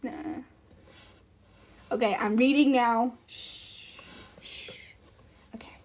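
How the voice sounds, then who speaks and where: A woman's voice: fairly high pitch, fairly even intonation, takes it slowly, pauses often. A woman streamer reading fan fiction aloud on a live stream, giggling and breaking off into rambling asides.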